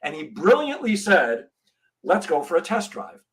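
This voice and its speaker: As a guest on a podcast, this middle-aged sales trainer spins an animated tale, voicing the characters' exchanges himself. His pitch is high, his speed normal, and the sound is rough.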